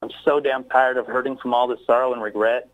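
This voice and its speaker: A man of middle pitch reads his own heartfelt poem as a radio guest, his voice rising with feeling. He speaks hesitantly when not reading and reaches for words. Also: fairly even intonation, brisk, faint music behind, low-quality recording. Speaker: poet guest. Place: Texas, by phone into a radio show.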